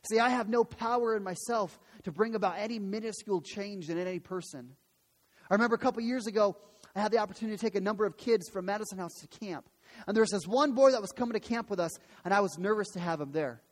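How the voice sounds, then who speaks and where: Man pastor preaching, earnest and emphatic, high voice, church echo. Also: fast talker. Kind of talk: sermon. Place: church sanctuary. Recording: long hall reverb.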